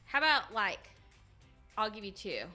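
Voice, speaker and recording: A woman's voice: mid-range voice, expressive, normal speed, pushed and bright, faint music behind. A woman co-hosting a casual podcast chat, playful and laughing often. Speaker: co-host.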